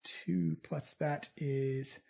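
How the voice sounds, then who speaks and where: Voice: mid-range voice, fairly even intonation, extremely slow, creaky, a little mellow. A game master narrating a tabletop game with vivid, playful descriptions and sound effects.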